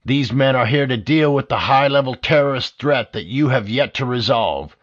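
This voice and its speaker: A man voicing a loud, domineering older FBI director with a raspy, wheezing smoker's voice who barks orders and swears. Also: medium pitch, normal speed, voice pushed up, close to an everyday voice. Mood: shouting, furious. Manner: barking, profane, domineering. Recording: dull lo-fi audio.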